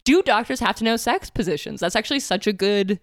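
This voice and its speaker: A young woman co-hosting a casual podcast, tossing in quick jokes and laughing a lot. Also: medium pitch, expressive, no room sound, studio quality. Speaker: podcast co-host. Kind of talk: casual chat, joking banter.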